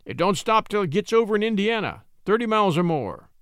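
A man's voice: sits high, animated, fairly quick, a bit bright, no room sound, clean studio sound, voice pushed up. A man doing a rustic old-west deputy. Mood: cowed. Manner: gruff, rustic country speech. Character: blustering frontier deputy, rough and then cowed.

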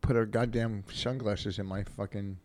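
Profane, rambling man with a low voice. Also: steady tone, moderate pace, darkish tone. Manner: profane, indignant, rambling storyteller. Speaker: podcast co-host. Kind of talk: casual storytelling chat.

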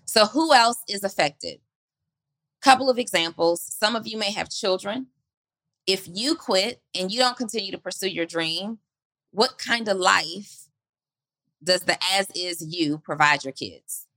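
A woman's voice: mid-range voice, measured pace, fairly bright tone, no echo. A woman on a podcast giving an earnest motivational talk, asking her listeners question after question. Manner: earnest, rhetorical questions, preacherly build.

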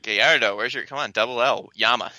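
A man co-hosts a relaxed baseball podcast in a lowish, strikingly bright and forceful voice. The sound is dry and close, with no room around it. He gives matter-of-fact takes and ribs his partner. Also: brisk, dry recording, low-quality recording. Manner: teasing, matter-of-fact opinions. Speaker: podcast co-host. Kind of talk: casual sports chat.

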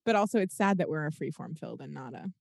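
Bubbly woman with a lively voice. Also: low-pitched, quick pace, vocal fry, dry recording, clean studio sound. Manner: bubbly, laughs a lot. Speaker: podcast panelist. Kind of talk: casual chat.

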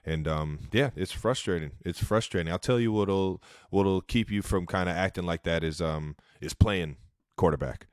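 A man's voice: sits low, moderate pace, no room sound, clean studio sound. A man from Ohio co-hosting a podcast in a laid-back, casual way. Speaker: podcast co-host. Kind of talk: casual chat.

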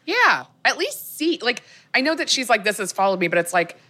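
Lively, bright-voiced woman cracking dry jokes. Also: fairly high pitch, fairly quick. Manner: dry interjections and quips. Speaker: podcast co-host. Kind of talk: casual chat.

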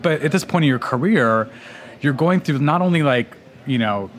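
A middle-aged man hosting a casual dinner conversation in a restaurant, chatty and quick to laugh, often restarting his sentences. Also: medium pitch, lively intonation. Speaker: podcast host.

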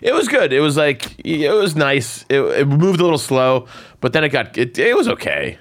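A man co-hosting a podcast, chatting casually in a relaxed, halting way with lots of fillers. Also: a little high, no echo. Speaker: podcast co-host. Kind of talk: casual chat.

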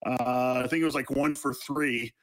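A man breaking down football for a radio audience, relaxed and conversational, leaning on fillers as he goes. His pitch is average for a man. The sound is dry and close. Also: normal speed, dry recording, poor audio. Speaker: football analyst and producer. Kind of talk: casual radio sports analysis.

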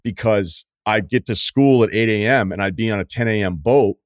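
Man, forties, podcast host, casual banter, swearing, low voice, dry close recording. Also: normal speed, no echo. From Martha's Vineyard, Massachusetts. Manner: loose, joking, swears freely.

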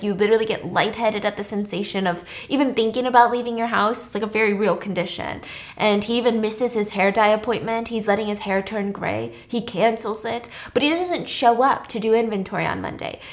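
A woman casually retelling a film plot, animatedly acting out the characters' lines. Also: mid-range voice. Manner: animated, acts out characters' lines in quoted voices. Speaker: storyteller recapping a film.

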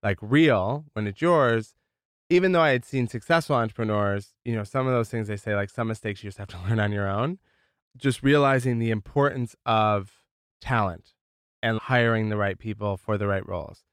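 An entrepreneur guest from Michigan, USA, candidly tells his founder story in a chatty, casual way, saying "like" often. His voice is on the low side, smooth and at normal speed, recorded dry with studio quality.

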